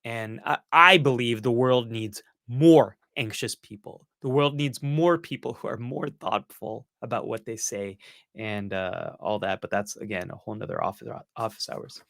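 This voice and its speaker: Bright-voiced man answering viewer questions. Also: medium pitch, moderate pace, creaky, dry recording, studio quality. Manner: earnest, encouraging, with self-mocking asides. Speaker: psychologist hosting a live-stream Q&A.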